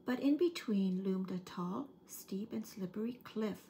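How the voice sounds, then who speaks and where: A woman reads a children's picture book aloud for an early-years program. Her reading is gentle and expressive, and her pitch sits at an ordinary middle. A faint hiss runs under the recording. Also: measured pace.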